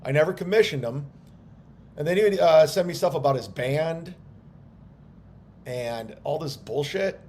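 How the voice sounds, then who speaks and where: Comedian on a livestream rant: a higher male voice, blunt, fed-up and defensive. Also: measured pace, pauses often, a little mellow. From United States. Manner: annoyed, defensive, blunt with frequent swearing. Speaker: stand-up comedian.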